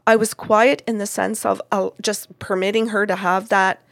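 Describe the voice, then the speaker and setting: A woman's voice: medium pitch, level tone, moderate pace, vocal fry, no echo. A woman working as a medium, telling a long story in a casual conversation and acting out what each person said. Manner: recounts at length, acting out what people said. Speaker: medium recounting a reading.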